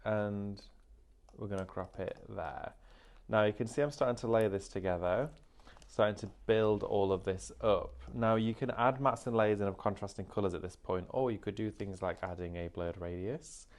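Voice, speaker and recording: Male craft presenter, lower register, friendly step-by-step explaining. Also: steady tone, normal speed. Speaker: craft demonstrator. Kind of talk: live shopping craft demo.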